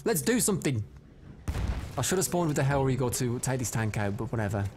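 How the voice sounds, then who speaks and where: A man giving live commentary over his own gameplay, excitable and prone to loud frustrated outbursts, chatting with his viewers between rounds. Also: medium pitch, a little fast, a little hiss or hum. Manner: chats to viewers and reads out their comments. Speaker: live streamer.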